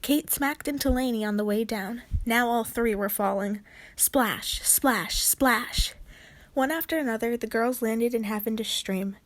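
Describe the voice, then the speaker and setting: A woman narrating a children's book aloud in a clear, expressive storytelling voice. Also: a little high, measured pace.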